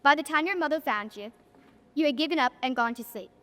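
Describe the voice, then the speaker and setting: Talking straight to the audience, a young woman narrates a school stage play in a wry storytelling voice that's fairly high and fairly bright. She's a fast talker, and her voice echoes through the auditorium, picked up from a distance.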